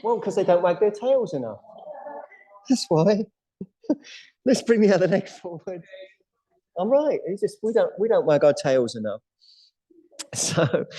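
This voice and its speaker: Chatty man with a mellow voice. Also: a little high, rough recording. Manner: chatty and playful, laughs often. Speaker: yoga teacher. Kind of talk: guiding a live yoga class.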